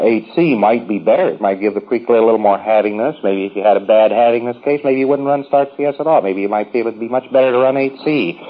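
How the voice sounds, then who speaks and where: A man's voice: medium pitch, lo-fi sound. A man giving a rambling, folksy, informal lecture to trainees, with wry asides.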